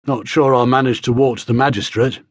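A man's voice: mid-range voice, fairly even intonation, a little fast, slightly rough, no echo, natural voice. A male narrator playing a big, hungover mercenary who growls and mutters. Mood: surly.

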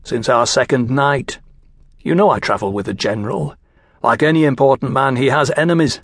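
A man voicing a smooth, cold gentleman from Manchester with a Mancunian accent, slow and superior in manner. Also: mid-range voice, no echo, clean studio sound.

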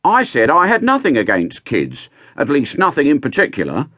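A man's voice: medium pitch, wildly swooping pitch, moderate pace, a bit bright, no echo, voice pushed up. An actor playing a pedantic, aggrieved man formally recounting his arrest. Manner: formal, fussy, precise wording.

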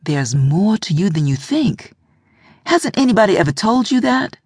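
A woman's voice: mid-range voice, very animated, normal speed, darkish tone, breathy edge, no room sound, studio quality, pitched above the performer's own voice. A woman voicing a middle-aged mother who urges and coaxes in a firm, insistent way. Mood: urging.

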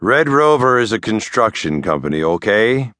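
A man voicing a brisk, smooth-talking female lawyer, cool and increasingly impatient. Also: lowish voice, sing-song, a bit bright, dry recording, voice pushed up. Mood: curt. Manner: smooth, curt, grows impatient. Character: brisk, slippery woman lawyer, middle-aged.

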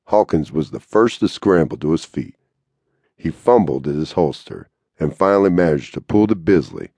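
A man narrating a western audiobook in a steady, measured way into a close studio mic. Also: rumbling low, creaky, no echo.

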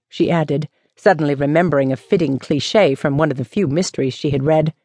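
A woman narrating a mystery novel as an audiobook, with measured, even storytelling. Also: low voice, dry recording. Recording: dry studio audiobook.

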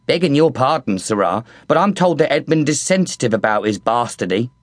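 A man's voice: medium pitch, animated, a little fast, no room sound, lightly acted. A man doing an earnest young castle guard.

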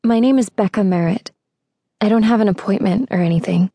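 A woman voicing an anxious, determined young woman in an audiobook, pleading in an earnest, hurried way. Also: medium pitch, vocal fry, dark tone, no room sound. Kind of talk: audiobook character voice.

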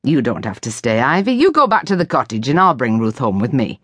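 A woman voicing a stern, ambitious middle-aged butler in an audiobook, firm and measured. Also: rumbling low, very animated, breathy edge, dry recording, voice pushed down, exaggerated voice.

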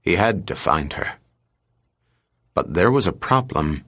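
A man narrating an audiobook thriller in a steady, measured storytelling manner. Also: low-pitched, dry recording, studio quality.

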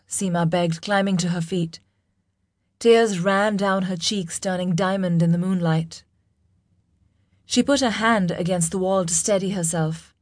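Slow, measured woman audiobook narrator. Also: on the low side, a little mellow, no echo, clean studio sound. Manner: measured, dramatic storytelling.

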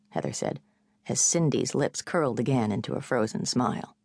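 A woman with a low voice reads contemporary fiction in a measured, steady way. The recording is dry and close, with no room around her. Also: vocal fry, breathy edge, dry recording. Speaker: audiobook narrator. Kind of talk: scripted narration.

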